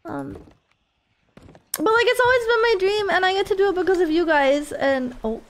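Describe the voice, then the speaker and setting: Very high-voiced gushing woman streamer. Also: animated, moderate pace. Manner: gushing, emotional, thanking viewers. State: tearful. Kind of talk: casual live-stream chat while gaming.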